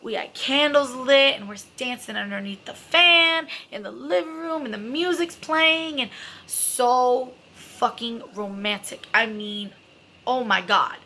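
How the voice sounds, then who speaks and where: A woman's voice: fairly high pitch, measured pace, bright, forceful tone. A young adult woman telling a personal story in a casual, emotional way, swearing freely and filling her talk with "like" and "you know". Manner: emotional, candid, swears freely, heavy fillers.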